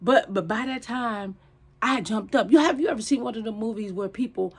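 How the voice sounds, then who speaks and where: A woman telling a casual storytime to her viewers, blunt, profane and animated. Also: on the high side, brisk, husky.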